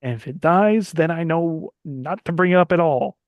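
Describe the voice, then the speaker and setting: A man's voice: on the high side, normal speed, no echo, highs cut off, close to an everyday voice. A man voicing a guarded young man in his early twenties, stammering and apologetic. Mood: earnest.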